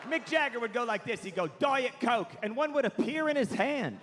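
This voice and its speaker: A man's voice: extremely high pitch, brisk. A man in his thirties doing stand-up comedy, telling stories and acting out characters. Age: 30s. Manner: animated storytelling, acts out characters. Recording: echoey hall with faint noise.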